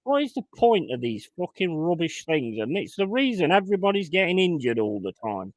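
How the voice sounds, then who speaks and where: A man calls a football match live for his fan watchalong and breaks into exasperated, swearing rants. His voice sits a little high. The sound is dry and close. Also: big pitch swings, fairly quick, hardly any pauses, dry recording. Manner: swearing, exasperated ranting outbursts. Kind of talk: live match commentary and chat.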